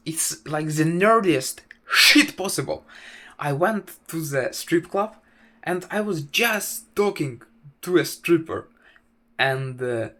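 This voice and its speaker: A man's voice: fairly high pitch, bright, forceful tone. A man tells a wry, self-mocking story to camera, stopping often on "uh" and restarting his sentences. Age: 20s. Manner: halting, full of "uh" fillers and restarts. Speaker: vlogger.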